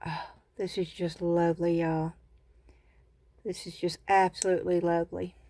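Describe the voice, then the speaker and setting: A woman with a Southern US accent hosting a casual crafting vlog from her phone camera, gushing with excited exclamations. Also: fairly low pitch, moderate pace, no room sound. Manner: excited exclamations, says y'all a lot. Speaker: craft channel host.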